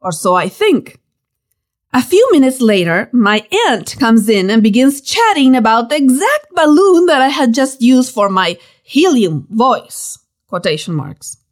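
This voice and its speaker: A woman narrates a personal story in a high voice that rises and falls a lot. She tells it with playful, lively emphasis, the way someone reads their own book aloud. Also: unhurried. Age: young adult.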